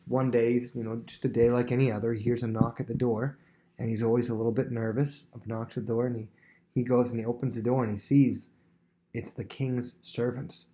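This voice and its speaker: A man teaching a Bible lesson to students, telling the story in a lively way and acting out the characters' words. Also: mid-range voice, fairly quick. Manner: animated storyteller who acts out quotes.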